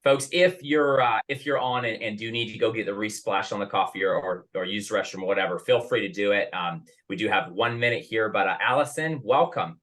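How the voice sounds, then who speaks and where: A man's voice: fairly low pitch, brisk, hardly any pauses, a bit bright. A man hosting a sales session over a video call, chatty and enthusiastic, often restarting his sentences. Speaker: host. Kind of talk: casual chat.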